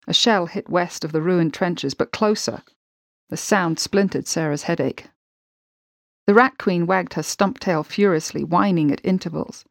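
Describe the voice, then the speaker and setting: A woman narrating a story in a steady, measured audiobook reading. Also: lowish voice, vocal fry, dry recording, clean studio sound.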